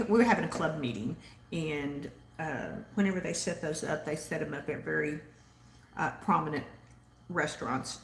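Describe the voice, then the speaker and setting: Southern woman, casual livestream host, low gravelly voice, rambling and chatty, echoey room. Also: moderate pace. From Texas. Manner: chatty and rambling, reads viewer comments aloud. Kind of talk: casual live-stream chat.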